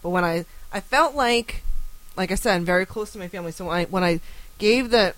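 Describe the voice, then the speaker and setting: A young woman, a podcast guest, chatting casually and telling stories with lively acted-out quotes. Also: fairly low pitch, a little fast, dry recording, rough recording. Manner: animated storyteller, acts out quotes. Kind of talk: casual chat.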